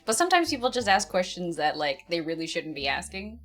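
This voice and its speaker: A woman's voice: lowish voice, very animated, a little fast, a bit bright, soft background music. A woman casually telling an awkward personal story, rambling and often laughing at herself.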